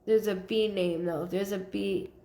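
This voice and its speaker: A woman giving a live psychic reading, relaying messages in a halting way with many fillers. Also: mid-range voice, steady tone, warm tone, reverberant. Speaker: psychic medium.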